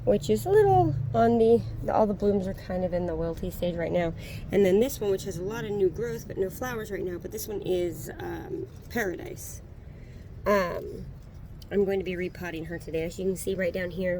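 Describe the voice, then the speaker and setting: A woman in her thirties giving a relaxed, casual tour of her backyard garden, with frequent ums, recorded on a handheld phone outdoors. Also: on the low side, slight background noise. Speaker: gardening vlogger.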